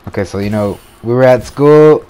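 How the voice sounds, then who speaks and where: A man's voice: mid-range voice, normal speed, mellow, a little hiss or hum. A man in his twenties hosting a gaming channel, telling a story casually over gameplay in a laid-back, slangy way and swearing freely.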